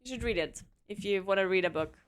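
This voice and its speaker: A woman's voice: mid-range voice, fast. A woman streamer chatting casually with her viewers from her apartment, talking in loose runs full of fillers and restarts. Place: home apartment.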